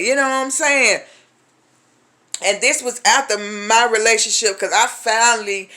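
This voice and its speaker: Woman preaching her own story, bright voice, real colloquial, acts out everybody's voices. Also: medium pitch. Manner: emphatic, addresses listeners as honey. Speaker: ministry speaker giving testimony. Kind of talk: personal testimony talk.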